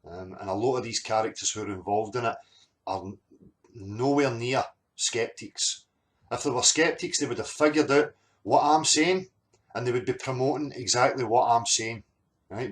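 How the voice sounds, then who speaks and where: Reacting to clips in a monologue, this male channel host speaks at medium pitch with a fairly bright tone. His style is argumentative and forceful, peppered with fillers and words he says again and again.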